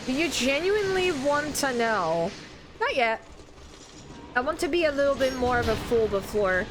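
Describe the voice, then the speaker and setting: A woman's voice: high voice, very animated, normal speed, noisy background. A woman streamer chatting casually with her viewers while she plays, full of dramatic exclamations. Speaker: game streamer. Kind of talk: casual live gaming commentary.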